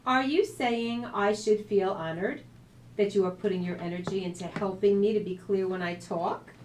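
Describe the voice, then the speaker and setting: A woman's voice: medium pitch, moderate pace, darkish tone, roomy sound, slight background noise, natural voice, rough recording. A woman voicing a father who sounds surprised and a little defensive.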